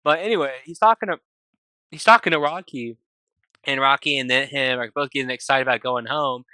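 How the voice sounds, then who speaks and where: A man's voice: medium pitch, a little fast, bright, forceful tone, clean tone, no room sound. A man giving a casual, rambling film review, retelling scenes and quoting characters, full of "like" and "you know". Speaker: movie reviewer.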